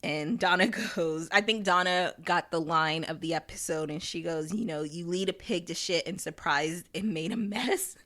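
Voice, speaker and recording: A woman hosting a TV recap podcast, talking in a casual, animated and blunt way, swearing and laughing often. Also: fairly low pitch, normal speed, hardly any pauses. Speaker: podcast host recapping a TV episode.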